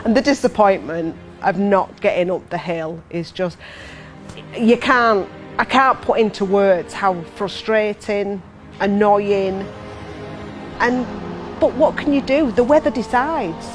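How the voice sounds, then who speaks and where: A woman's voice: mid-range voice, takes it slowly. A woman, speaking heartfelt and emotional in an interview about her husband's racing. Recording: music underneath.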